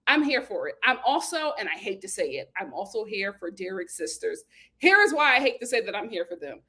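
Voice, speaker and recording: A woman hosting a reality TV recap in casual chat, sassy and animated, acting out the cast's lines with big laughs. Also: medium pitch, fairly quick, slightly rough.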